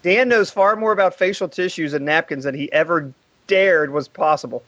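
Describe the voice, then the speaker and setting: A man's voice: fairly high pitch, moderate pace, fairly bright tone, no echo. Joking man on a dull, dry mic. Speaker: podcast co-host. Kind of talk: casual chat.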